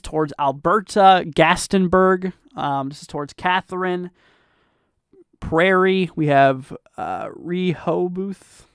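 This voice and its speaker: A man's voice: fairly high pitch, a bit bright, smooth, no echo, studio quality. A young man hosting a casual live weather stream, rambling with lots of fillers and restarts while he reads viewer comments aloud. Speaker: weather livestream host.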